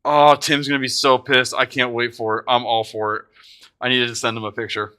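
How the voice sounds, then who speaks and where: A man streaming live, chatting with viewers by name and breaking into excited swearing. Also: mid-range voice, a little fast, clean tone. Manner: excitable, swears and shouts in bursts; talks to chat viewers by name. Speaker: streamer opening card packs.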